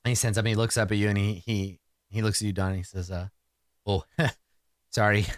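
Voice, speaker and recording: A man's voice: on the low side, steady tone, rapid-fire, darkish tone, no echo, studio quality. A man narrating as game master, chatty and laughing often.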